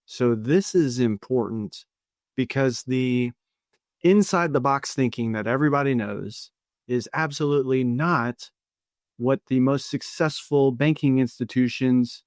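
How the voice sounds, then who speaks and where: Relaxed storytelling man on a dry mic. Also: mid-range voice, a little slow, no echo. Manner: relaxed, anecdotal, many fillers and restarts. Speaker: financial coach. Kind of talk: podcast storytelling.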